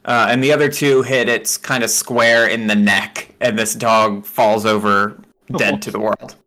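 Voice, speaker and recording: A man narrating as game master of a tabletop game, making brisk rulings and laughing often. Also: lowish voice, steady tone, pushed and bright.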